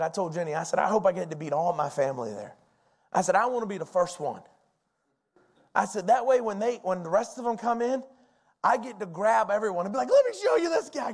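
A pastor in his forties preaching a sermon, telling personal stories in an animated, folksy way. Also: on the high side.

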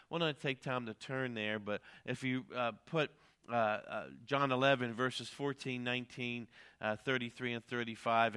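A man's voice: mid-range voice, pushed and bright, clean tone. A middle-aged man preaching a sermon as a pastor, earnest, with frequent hesitations and sudden emphatic rises.

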